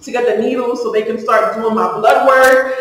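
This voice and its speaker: A woman's voice: a little high, steady tone, normal speed, a bit bright. A woman in her thirties tells a story straight to the camera in a loose, chatty way, acting out the dialogue as she goes. She sits back from the mic, and the room around her rings with a long echo. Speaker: vlogger. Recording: echoey room from a distance.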